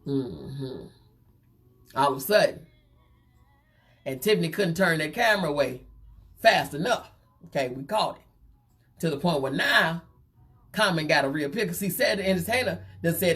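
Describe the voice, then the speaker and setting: A woman's voice: deep voice, lively intonation, fairly bright tone. A woman hosting a gossip show, teasing and playful, repeating herself for effect. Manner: playful, repetitive, drawn-out teasing. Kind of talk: casual gossip chat.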